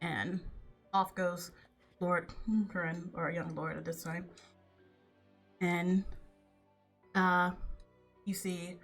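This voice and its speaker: A woman's voice: on the low side, level tone, slow pace, pauses often, fairly bright tone, faint music behind. A woman narrating a tabletop game as game master, slipping into character voices for the quoted lines.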